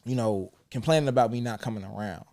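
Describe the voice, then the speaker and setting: A man's voice: medium pitch, fast talker, warm tone. A young man hosting a podcast, talking candidly and reflectively with frequent swearing. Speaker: podcast host. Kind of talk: casual chat.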